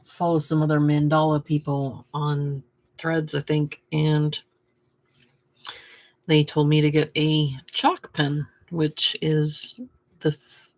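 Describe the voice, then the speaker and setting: Woman host narrating her painting in a slow, unhurried ramble, talking to herself as she works. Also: sits low, monotone. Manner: muttering to herself, hesitant and chatty. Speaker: craft video host. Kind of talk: casual talk while painting.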